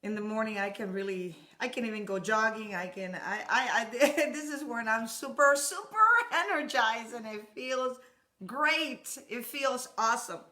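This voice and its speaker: A woman preacher opening a sermon in a halting way, repeating words and laughing often. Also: fairly high pitch, bright, forceful tone. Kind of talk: sermon with a joke.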